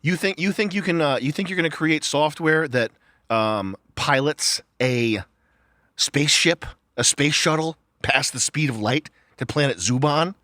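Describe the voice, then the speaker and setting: A man's voice: a little high, lively intonation, a little slow, pushed and bright, no echo, clean studio sound. A man co-hosting a casual podcast chat, sarcastic and piling up long, incredulous rhetorical questions. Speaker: podcast co-host.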